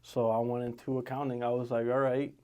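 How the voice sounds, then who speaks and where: A man's voice: medium pitch, flat delivery, brisk, dark tone, dull audio. Laid-back joking man co-hosting a podcast. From Dominican Republic. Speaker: podcast co-host, realtor. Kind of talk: casual chat.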